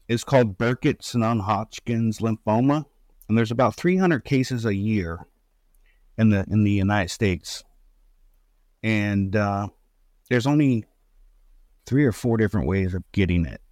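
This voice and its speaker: A middle-aged man with a fairly low voice recounts a painful story, halting and rambling as he fights back tears. His voice sounds close and dry, with no room echo. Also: a little mellow. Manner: rambling, halting, with many restarts and fillers. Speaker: guest, bereaved father. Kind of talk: emotional personal storytelling in an interview.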